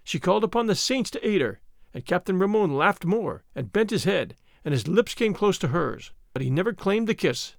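A man narrating a story in an expressive, dramatic reading style. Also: high-pitched, normal speed, gravelly, dry recording, clean studio sound.

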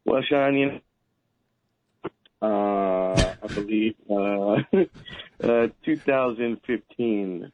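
A man's voice: fairly low pitch, drawn-out words, pauses often, phone-quality sound, noisy background. A man in his forties, a guest on a chat show, telling long rambling family stories with many fillers and chuckles. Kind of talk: casual storytelling.

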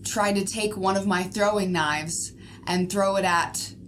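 A woman's voice: mid-range voice, fairly even intonation, measured pace, a bit bright, slight background noise. A woman playing a tabletop role-playing game, speaking expressively in character. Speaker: player.

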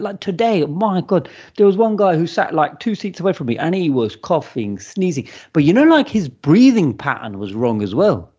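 A man chatting casually on a podcast, animated and full of stammering restarts, on a dull lo-fi recording. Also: a little high, normal speed, hardly any pauses, breathy edge. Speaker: podcast co-host. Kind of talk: casual chat. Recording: dull lo-fi sound.

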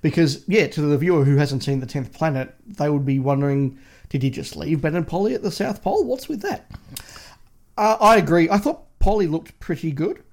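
A man's voice: a little high, lively intonation, fairly quick, a little mellow. A man co-hosting a podcast, reviewing in casual chat with a passionate, opinionated ranting manner. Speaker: podcast co-host.

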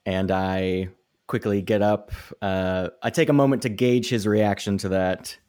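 A man playing a tabletop game, thinking out loud and hesitant as he plans. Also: fairly low pitch, steady tone, a little slow. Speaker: player.

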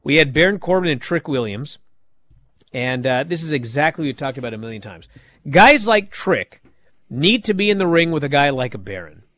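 A man hosting a wrestling podcast talks in a lively, swooping voice that sits a little high for a man. He tells stories animatedly and drops into mocking impressions. The sound is dry and close to the mic. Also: moderate pace, no echo. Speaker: podcast host recapping wrestling. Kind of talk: casual recap chat.

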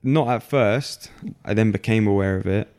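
A young man, telling a personal story as an interview guest in a halting way, full of fillers and restarts. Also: fairly low pitch, darkish tone.

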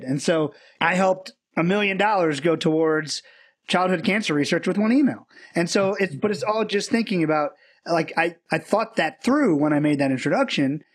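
Male guest, quick and lively, slightly higher voice, animated storyteller. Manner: fast, animated storyteller who acts out quotes. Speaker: podcast guest. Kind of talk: casual storytelling interview.

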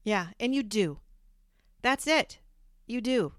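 A woman's voice: fairly high pitch, expressive, takes it slowly, dry recording, clean studio sound. A woman hosting a podcast, giving empathetic, affirming replies in a conversational interview. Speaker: podcast host.

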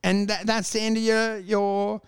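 High, gravelly-voiced man. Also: little pitch movement, unhurried. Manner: profane, rambling storyteller. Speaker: podcast co-host. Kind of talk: casual comedic chat.

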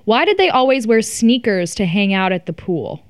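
A woman's voice: medium pitch, very animated, normal speed, no echo, studio quality. A woman hosting a casual interview, playful and laughing often as she reads out fan questions. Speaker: interview host.

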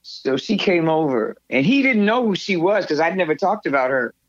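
A woman's voice: fairly low pitch, animated, moderate pace, dry recording. Older woman guest, candid and meandering, restarts often, dry and slightly dull recording. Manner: rambling, frequent restarts, acts out quoted voices. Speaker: interview guest. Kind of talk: candid personal storytelling.

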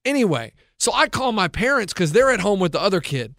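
A man in his thirties telling an animated story in casual podcast banter, acting out quotes loudly. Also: high-pitched, brisk, dry recording, studio quality.

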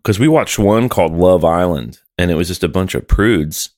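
A middle-aged man with a very low voice trades crude jokes in loose podcast banter. His pitch leaps around with lively energy, and the sound is dry and close to the mic. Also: moderate pace, no echo. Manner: crude, joking, plays bits. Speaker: podcast co-host. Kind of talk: casual comedic chat.

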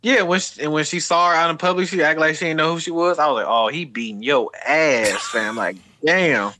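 A man's voice: fairly high pitch, quick pace, pushed and bright, a little hiss or hum. A man co-hosting a casual chat, talking animatedly with heavy slang and profanity.

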